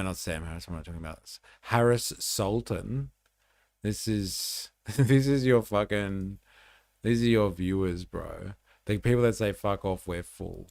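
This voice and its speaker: Australian male streamer, low and raspy, blunt sarcastic commentary, close dry mic. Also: darkish tone, no echo. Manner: blunt, sarcastic, swears a lot. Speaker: live streamer. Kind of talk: livestream commentary reacting to posts.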